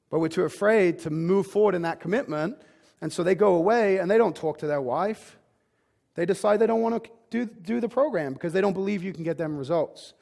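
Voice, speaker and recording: A man delivers a motivational conference talk in a slightly high, gravelly voice. He speaks with emphatic punch and peppers his speech with "like" and restarts. He sounds like he's addressing a live room. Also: a little fast, darkish tone. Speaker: fitness business speaker.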